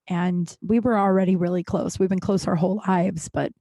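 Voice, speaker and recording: A woman hosting a podcast in casual personal chat, talking in an animated, rambling way, swearing freely and getting emotional at times, at home. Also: on the low side, normal speed, no room sound. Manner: emotional, close to tears at times. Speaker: podcast host.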